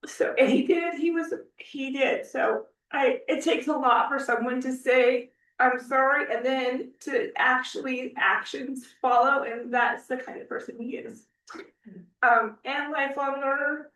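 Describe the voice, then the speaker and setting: A woman on a school board telling a story about a colleague in a rambling, animated way, her voice affected by allergies. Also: fairly high pitch, normal speed. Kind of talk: spoken tribute at a board meeting. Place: meeting room in a school. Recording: roomy sound from a distant mic.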